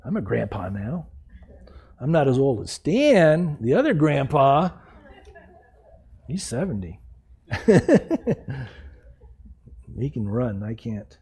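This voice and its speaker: A man's voice: medium pitch, very animated, a little slow, long pauses, darkish tone, husky. A man in his sixties preaching a sermon in a conversational, jokey way, acting out the people he quotes. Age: 60s. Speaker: pastor.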